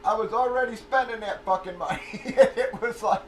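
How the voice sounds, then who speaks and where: A man's voice: sits high, normal speed, far from the mic, rough recording. A man casually chatting on a livestream, rambling, swearing freely and laughing often while telling a story. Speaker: livestream host of card breaks. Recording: voice a bit off-mic with faint noise.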